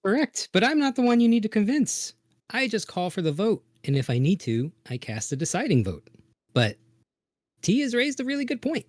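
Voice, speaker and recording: Lively, wordy player calling votes. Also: mid-range voice, normal speed, no echo, studio quality. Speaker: player leading a vote. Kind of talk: tabletop role-play chat.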